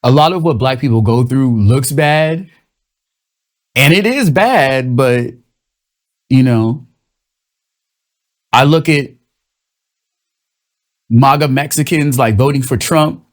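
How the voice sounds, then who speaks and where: A young man hosting his own show, delivering a loose, profane, rambling comedic monologue and slipping into quick mocking voices. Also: mid-range voice. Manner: loose, profane, rambling storytelling with shifting vocal impressions. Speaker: host of a comedic commentary show.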